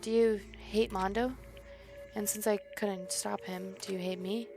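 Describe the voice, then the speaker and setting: A woman's voice: medium pitch, fairly even intonation, a little slow, music in the background, close to an everyday voice. Woman reading a distraught earnest young man. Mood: subdued.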